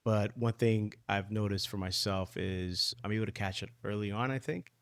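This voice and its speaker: A married man co-hosting a Bible discussion, speaking candidly with many halting restarts. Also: on the low side, steady tone, clean tone, no room sound, clean studio sound. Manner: candid, halting, self-correcting. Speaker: podcast co-host.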